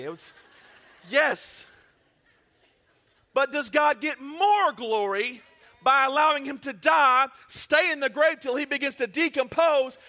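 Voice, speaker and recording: A man preaching a lively sermon as pastor, acting out Bible scenes in playful voices. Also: very high voice. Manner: energetic, acts out Bible scenes in character voices.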